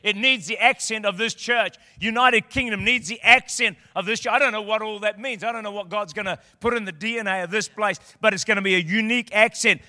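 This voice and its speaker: A man preaches with fervor, his high voice sharp and intense. He drives his points home and rises to loud declarations. His voice rings with a long reverb through the hall. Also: a little fast, few pauses, studio quality. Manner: impassioned, rising to shouted declarations. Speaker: guest preacher. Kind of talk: sermon. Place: church auditorium.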